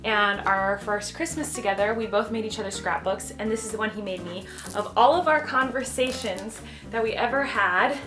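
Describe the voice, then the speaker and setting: A woman's voice: medium pitch, normal speed. Chatty young woman vlogging with music behind. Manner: chatty, playful and self-mocking. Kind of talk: casual vlog talk to camera.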